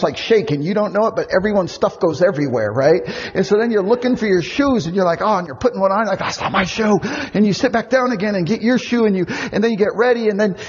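Middle-aged male camp preacher, very husky high voice, long hall reverb, muffled sound. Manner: animated storytelling, acts out kids' voices. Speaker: camp speaker. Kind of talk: youth camp sermon.

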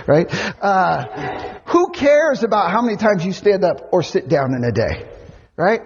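A middle-aged man giving a youth camp sermon, telling stories with animated kid voices. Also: high-pitched, slight background noise. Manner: animated storytelling, acts out kids' voices. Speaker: camp speaker. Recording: muffled sound with long hall reverb.

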